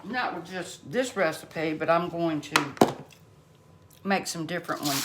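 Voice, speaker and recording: This middle-aged woman has a low voice, takes her time, and pauses often. She runs a home cooking channel and chats folksily with viewers while cooking in her kitchen, in a casual vlog style captured on a noisy home recording.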